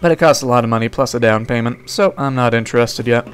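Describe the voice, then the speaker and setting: A man's voice: mid-range voice, fast, a little hiss or hum. A young man casually commenting while he plays a video game, rambling and joking, talking back to the characters on screen. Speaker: let's play host.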